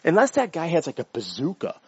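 A man's voice: fairly high pitch, huge pitch swings, fairly quick, a little hiss or hum. A man delivering a blunt, profane, argumentative monologue while walking his dog. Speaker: vlogger. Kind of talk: casual ranting monologue. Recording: dull lo-fi recording.

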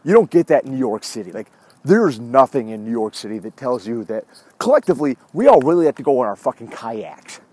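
A man's voice: mid-range voice, animated, brisk, darkish tone, slight background noise. Man, 40s, show host, casual rambling monologue, profane, walking a dog. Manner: rambling, profane, wanders off track.

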